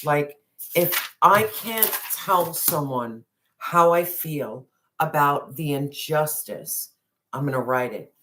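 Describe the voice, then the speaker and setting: Tarot reader talking slow and heavy, fired up, cussing, whispers sometimes. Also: medium pitch, a bit bright. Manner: intense and emphatic, with slangy address and swearing; drops to a whisper on some phrases. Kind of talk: intuitive tarot reading to a viewer.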